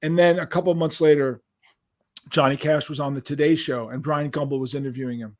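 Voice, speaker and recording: An older man recounts stories with lively energy, slipping into the voices of people he quotes. His pitch sits a little high for a man. He stumbles and restarts often, carried along by his own excitement. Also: a little fast. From United States. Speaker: guest musician. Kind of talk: animated storytelling.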